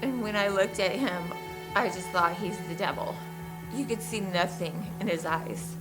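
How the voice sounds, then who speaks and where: A woman tells her own story as a survivor, speaking in a measured, halting way with pauses and restarts. Her voice sits at an everyday middle pitch. Soft music plays faintly underneath. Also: poor audio. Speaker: survivor recounting her ordeal. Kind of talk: first-person testimony.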